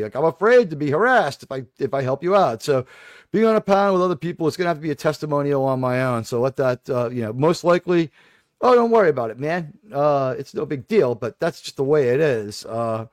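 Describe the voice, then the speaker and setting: Rambling New man, fairly high voice. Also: no room sound, clean studio sound. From New York. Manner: rambling, digressive, with sudden aggrieved outbursts. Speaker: YouTuber hosting a livestream. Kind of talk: casual livestream chat.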